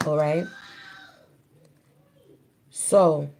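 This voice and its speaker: A woman's voice: low voice, fairly even intonation, very slow, gravelly, dark tone, a little hiss or hum. A woman giving a casual spiritual reading on a livestream, in a loose, chatty way. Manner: loose and chatty, breaks off to scold children.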